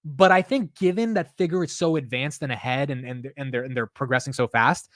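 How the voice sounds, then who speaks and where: A man hosting a live stock market stream, talking excitedly and profanely straight to his chat. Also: mid-range voice, a little fast, no echo, clean studio sound. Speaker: stock market livestream host. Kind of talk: casual live market commentary.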